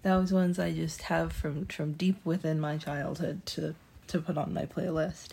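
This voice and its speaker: A woman's voice: low voice, fairly even intonation, unhurried, warm tone. A young woman talking casually to the camera as a vlogger, rambling and self-deprecating with lots of ums and restarts. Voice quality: raspy, creaky. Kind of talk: casual monologue.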